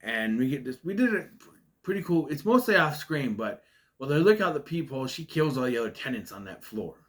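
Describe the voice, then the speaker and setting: A man's voice: medium pitch, big pitch swings, fairly quick. Man reviewing a film, with a stutter. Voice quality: stutters, stalls on words. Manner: ranting, nitpicky. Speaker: movie reviewer. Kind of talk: casual spoken film review.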